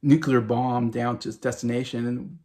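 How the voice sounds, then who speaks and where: A man's voice: medium pitch, little pitch movement, normal speed, darkish tone. A man in his forties giving a casual, enthusiastic film review in a rambling monologue full of fillers. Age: 40s. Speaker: movie review vlogger.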